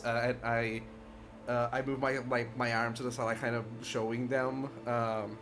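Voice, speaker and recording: A man playing his character in a tabletop game, talking in an animated way. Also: medium pitch, normal speed. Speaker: player. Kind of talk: tabletop role-play. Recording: music behind the voice.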